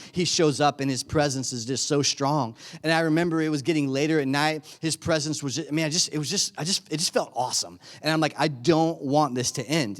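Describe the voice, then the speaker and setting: Animated preacher man telling a story. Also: fairly high pitch. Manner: animated storytelling, excited and self-mocking, with many restarts. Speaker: youth pastor turned preacher. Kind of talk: sermon with personal story. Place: church sanctuary.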